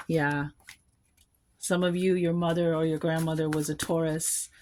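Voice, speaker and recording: A woman's voice: low-pitched, flat delivery, takes it slowly, darkish tone, a little hiss or hum. A woman giving a collective tarot reading, musing aloud and rambling, with small laughs between thoughts. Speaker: tarot card reader.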